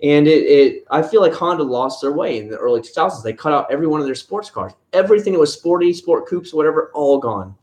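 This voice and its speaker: A man's voice: fairly high pitch, lively intonation, fast talker, hardly any pauses, darkish tone. A man hosting a casual live stream from home, rambling easily about cars and answering viewer chat one comment at a time. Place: at home, family nearby. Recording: roomy echo.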